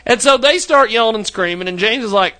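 A man hosting a casual talk show, telling a story in an animated way, acting out quotes and laughing often. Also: high voice, fairly quick. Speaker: podcast host.

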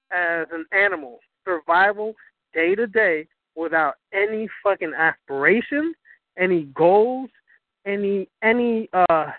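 A high-voiced man preaches hard and swears freely, pressing each point with emphatic force. His voice comes through a thin, tinny phone line with no room sound at all. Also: no room sound. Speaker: spiritual teacher. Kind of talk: impassioned lecture on a call-in broadcast.

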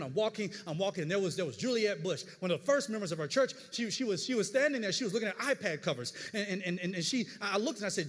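A middle-aged man, a pastor, preaching a sermon with animated storytelling and stammered repeats. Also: sits high, fast, few pauses. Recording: long hall reverb.

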